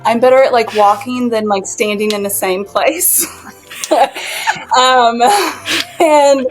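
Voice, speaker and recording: A woman author, a guest on a video call, talking modestly and softly with shy laughs. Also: fairly high pitch, slow pace, faint music behind, rough recording. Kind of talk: casual chat.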